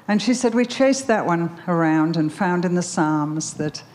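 Woman preaching slow and steady, lower voice, storytelling sermon w lots of repetition. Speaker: speaker at a Bible conference.

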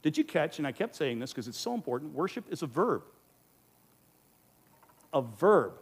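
A man's voice: on the high side, very animated, moderate pace, long pauses, breathy edge. A man in the role of pastor, giving an earnest, emphatic teaching sermon into a microphone and asking rhetorical questions. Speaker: pastor teaching a Bible study.

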